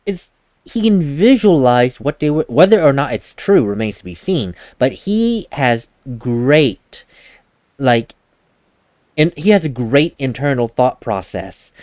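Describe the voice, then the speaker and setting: A man's voice: medium pitch, big pitch swings, a little slow, darkish tone, no room sound, clean studio sound. A man giving casual gameplay commentary as a let's play host, chatty and laughing at himself, at a desk mic at home.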